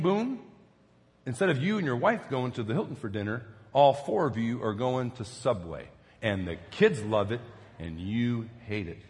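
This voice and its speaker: A middle-aged man preaching a sermon, telling stories and swinging from soft, quiet passages to loud, emphatic peaks. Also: medium pitch, long reverb tail. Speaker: pastor.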